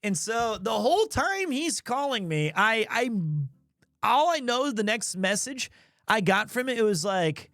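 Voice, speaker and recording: A man's voice: very high voice, big pitch swings, a little slow, a bit bright, no echo, clean studio sound. A man streaming, telling a funny story in a rambling, self-mocking way. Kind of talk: casual storytelling.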